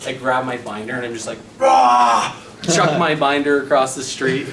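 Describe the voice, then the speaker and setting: A young man giving a motivational sales training talk, telling a personal story in an animated way and acting out his own quotes. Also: medium pitch, a little fast. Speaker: sales trainer presenting to a team. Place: meeting room. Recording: echoey room, mic far off, noisy.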